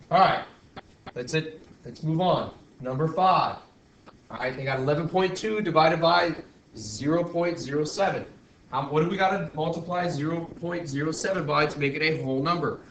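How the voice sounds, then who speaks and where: A male math teacher narrates a screen-recorded lesson in a slightly high, somewhat bright voice, going step by step and often restarting or correcting himself. The recording has a roomy echo and faint background noise.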